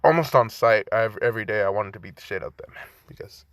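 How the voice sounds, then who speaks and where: A man's voice: on the low side, fast talker, fairly bright tone, no echo. A young man in his twenties casually rambling through a fan story retelling, profane and loose, full of fillers, at home by a cracked window.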